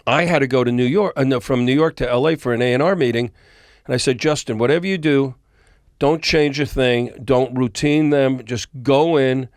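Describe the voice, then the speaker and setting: Animated man telling industry stories. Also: medium pitch, clear, resonant tone, no echo, clean studio sound. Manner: animated storyteller, acts out quoted dialogue. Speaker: podcast guest, music industry executive. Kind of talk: storytelling interview. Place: recording studio.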